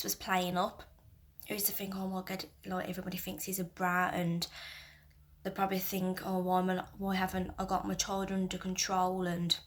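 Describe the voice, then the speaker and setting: Woman, 20s, vlogger mum; flat, halting, soft confessional delivery, near tears. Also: medium pitch. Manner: halting, soft-spoken, with frequent restarts and fillers. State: emotional, near tears at times. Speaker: mother and vlogger. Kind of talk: candid personal talk to camera.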